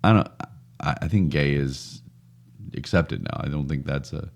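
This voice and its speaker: Very deep-voiced chatty man. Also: moderate pace, darkish tone. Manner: chatty, laughs often, jokey asides. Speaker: podcast co-host. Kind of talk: casual podcast chat.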